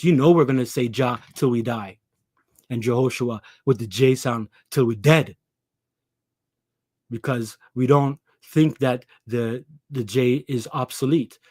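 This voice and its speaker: A man's voice: fairly high pitch, no room sound, studio quality. A man preaching an impassioned scripture lesson, pressing his listeners with rhetorical questions. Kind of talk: impassioned religious teaching.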